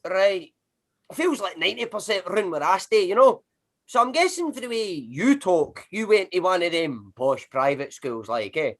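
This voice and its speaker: A brash, slangy working-class Scottish man, played by a woman, who swears freely and talks bluntly. A Scottish accent with a lively, swooping pitch that keeps bouncing around. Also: moderate pace. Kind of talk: comedy sketch rehearsal on a video call.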